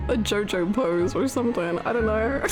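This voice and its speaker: A woman streaming a game, giggly and self-mocking, often breaking into laughter while voicing characters. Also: mid-range voice. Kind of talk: let's-play commentary, voicing characters. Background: game music.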